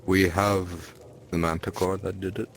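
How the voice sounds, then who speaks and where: A man speaking in character as a tabletop game player, slow, clipped and solemn. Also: low-pitched, level tone, a little hiss or hum. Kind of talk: in-character tabletop role-play.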